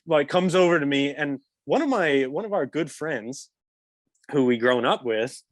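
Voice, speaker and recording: A man's voice: a little high, lively intonation, normal speed, no echo. A young man, a former pro hockey player from England, telling a story as a podcast guest in a rambling way full of fillers. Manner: rambling, lots of "like" fillers, laughs mid-story. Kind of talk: casual storytelling.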